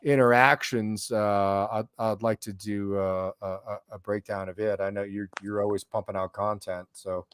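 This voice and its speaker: A man's voice: fairly low pitch, little pitch movement, normal speed, few pauses, clear, resonant tone, no room sound, clean studio sound. A man hosting a casual live stream, over-caffeinated, swearing constantly and rambling from one thought to the next. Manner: profane, rambling, jumpy. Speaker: livestream host.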